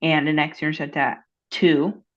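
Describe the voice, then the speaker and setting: Teen girl student, stuffy nose, low voice, lots of "like", muffled lo-fi call. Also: steady tone, measured pace. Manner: hesitant, many "like" fillers. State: congested. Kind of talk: casual tutoring session.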